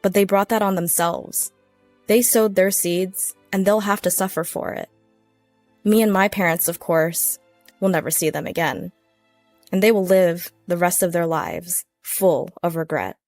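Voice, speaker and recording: Female narrator for a first-person story, steady and scripted, faint music bed. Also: lowish voice, a little slow, no room sound.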